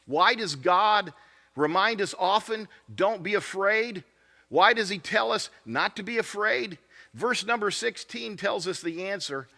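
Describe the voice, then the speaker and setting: Slow, bright-voiced male preacher. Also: sits high, expressive, gravelly. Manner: earnest, asks the congregation questions. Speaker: pastor. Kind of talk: sermon. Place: church sanctuary.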